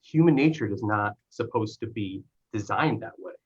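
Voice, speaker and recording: A man's voice: fairly low pitch, animated, moderate pace, husky. A man hosting a podcast, talking earnestly in a rambling way with many restarts. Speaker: podcast host. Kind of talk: casual podcast interview. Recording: dull lo-fi remote audio.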